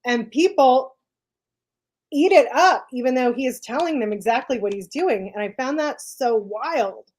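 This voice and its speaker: A woman's voice: high-pitched, animated, measured pace, a little mellow. A woman co-hosting a podcast, talking casually and thinking aloud, with lots of "like" and "right?" as she works through her points. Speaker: podcast co-host. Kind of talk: casual discussion.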